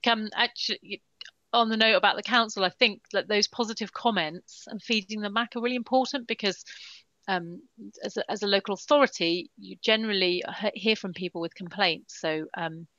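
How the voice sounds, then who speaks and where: Bright-voiced woman hosting a webinar. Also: medium pitch, dry recording, highs cut off. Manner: chatty, relays audience questions with many ums. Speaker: webinar host. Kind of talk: moderating a webinar Q&A. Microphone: video call.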